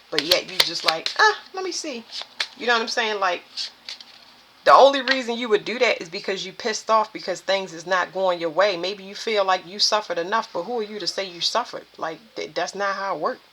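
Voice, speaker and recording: Bright-voiced woman giving an emphatic tarot reading. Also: medium pitch, a little hiss or hum. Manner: emphatic, preachy, addresses viewers as y'all. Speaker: spiritual tarot reader.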